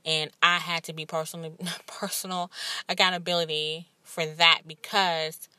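Bright-voiced woman pouring out her day. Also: deep voice, level tone, moderate pace, smooth, dry recording. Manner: candid, rambling, emotional storytelling. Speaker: podcast host, life coach. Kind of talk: casual personal monologue.

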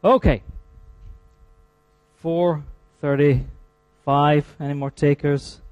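A man with a Scottish accent giving a university lecture, stressing key terms slowly and making dry asides to the class. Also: fairly high pitch, fairly even intonation, clean tone, no room sound, highs cut off.

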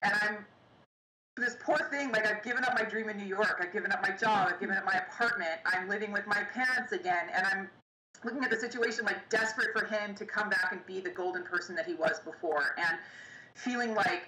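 Interview guest, woman, young, bright and forceful voice, halting delivery, roomy echo. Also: mid-range voice, a little hiss or hum. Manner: halting, pausing often, recounting painful memories. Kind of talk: personal storytelling. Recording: echoey room with faint ambience.

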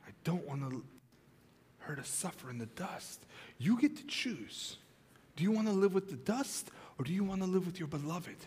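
A man preaching a sermon as pastor, telling a funny home story, then turning soft and earnest. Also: sits high, normal speed, breathy edge, big-room sound. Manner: storytelling with humor, swings from animated to soft and earnest. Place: church sanctuary.

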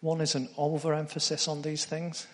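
A man's voice: fairly high pitch, completely flat delivery, moderate pace, big-room sound. A man preaching a sermon, earnest, putting direct questions to his congregation.

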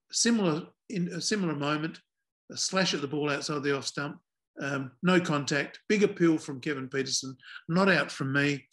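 A man's voice: a little high, a bit bright. Older man, dry humorous storyteller. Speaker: retired cricket umpire, guest. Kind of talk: podcast interview anecdotes.

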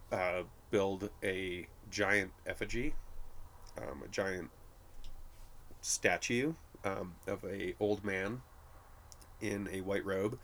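A man's voice: low-pitched, fairly bright tone, slight background noise. A man from New Mexico, a brewery guide, chatting casually and laughing easily between many fillers. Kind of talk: casual conversation.

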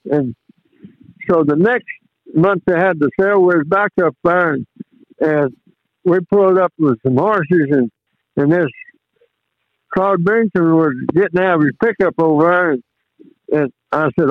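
A man's voice: fairly high pitch, a little slow, pauses often, no echo. An older man with a drawl, telling rambling, folksy rodeo stories as an interview guest. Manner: drawling, rambling, with many "and, uh" restarts. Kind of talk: folksy storytelling. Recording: tinny phone line with faint noise.

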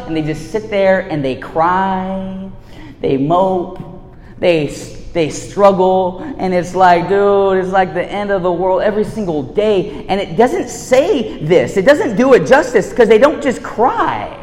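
A man giving a casual sermon, laid-back and slangy, swinging between hushed and loud. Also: high-pitched, animated, a little slow. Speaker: preacher. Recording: echoey hall reverb.

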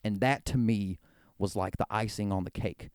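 Guy rambling through a wrestling recap, low mellow voice, super dry close mic. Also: normal speed, clean tone, no room sound. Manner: rambling, excitable, heavy use of "like". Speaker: podcast host.

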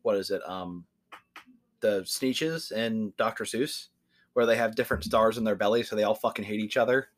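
A man's voice: lowish voice, moderate pace. A young man hosting a podcast, ranting casually in a profane, rambling, emphatic way. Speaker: podcast host. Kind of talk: casual rant.

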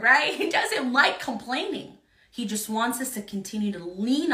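A woman's voice: high-pitched, expressive, normal speed, sharp tone, reverberant. A woman in her thirties preaching a sermon, earnest, often asking "right?" as she quotes scripture.

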